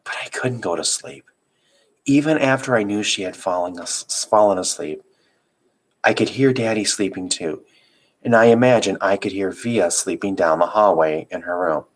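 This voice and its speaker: Low-voiced man reading a novel aloud. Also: normal speed, low-quality recording. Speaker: reader.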